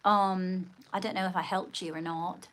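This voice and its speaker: A woman's voice: on the low side, fairly even intonation, normal speed, fairly bright tone. A woman hosting a casual livestream, chatting with viewers and thanking them, often calling them darling. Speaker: livestream host.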